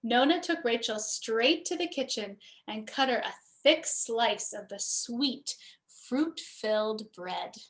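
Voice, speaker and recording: Cantor lady reading a bedtime story, high bright voice, gentle and expressive. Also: a little slow, few pauses.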